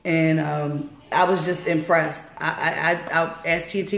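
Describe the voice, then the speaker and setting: Hoarse woman hosting radio. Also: deep voice, fairly even intonation, unhurried, a bit bright. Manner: chatty, laughs often, many ums. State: hoarse, coming down with a cold. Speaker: radio show host. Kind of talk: casual radio interview. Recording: roomy studio echo.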